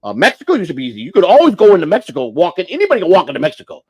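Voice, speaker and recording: Brief: American man hosting a livestream, lively pitch, dry close sound, profane and rambling. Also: very fast, breathy edge, no room sound. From United States. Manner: rambling, blunt, swears freely, stumbles and restarts. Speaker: livestream host. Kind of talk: casual livestream chat.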